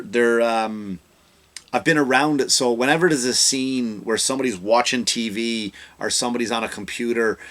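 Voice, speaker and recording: A man hosting a comedy podcast, delivering an animated rant into a studio microphone that climbs into loud, mocking outbursts. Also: medium pitch. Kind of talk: ranting comedy monologue.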